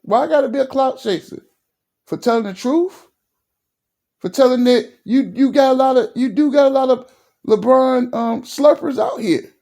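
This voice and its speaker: A man from Virginia ranting in a sports vlog, fired up and repeating himself, sometimes dropping low and emotional. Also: moderate pace, vocal fry, dark tone. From Virginia, USA. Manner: fired-up and repetitive, stumbles over restarts; drops low and emotional at times. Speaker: sports commentary vlogger.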